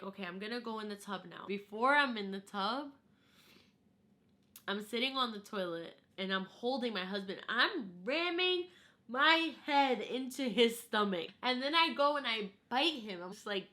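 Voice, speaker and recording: A young American woman vlogging, telling a personal story in a casual, animated way and acting out the quotes. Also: a little high, a little slow. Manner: animated, acts out quotes of herself and others.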